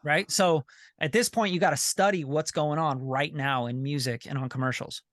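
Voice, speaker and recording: A man's voice: a little high, steady tone, normal speed, fairly bright tone, no room sound, clean studio sound. A man coaching a member on a video call, blunt, profane and repetitive, often asking "you know what I'm saying". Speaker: sync licensing coach and group leader.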